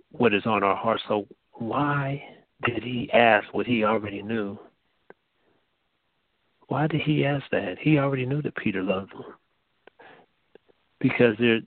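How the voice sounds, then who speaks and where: A soft-spoken man giving an informal teaching and hosting, talking haltingly with frequent restarts. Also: mid-range voice, no echo. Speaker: teacher and host. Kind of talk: informal teaching over a phone line. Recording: tinny phone line.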